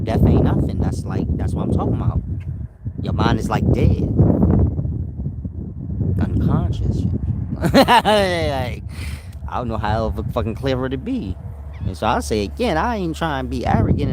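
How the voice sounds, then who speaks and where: A man's voice: medium pitch, sing-song, moderate pace, heavy background noise. A man hosting a casual livestream, joking in slang and often laughing. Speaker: host.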